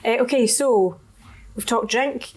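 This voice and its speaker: A woman's voice: on the high side, measured pace. A woman interviewing a guest in casual conversation, keeping her responses short and friendly.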